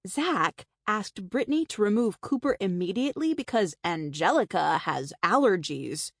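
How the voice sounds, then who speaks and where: Very animated and barely pausing, a woman with a mid-range voice reads first-person fiction at a moderate pace. She's an audiobook narrator with a wry, conversational style, close on a studio mic without echo.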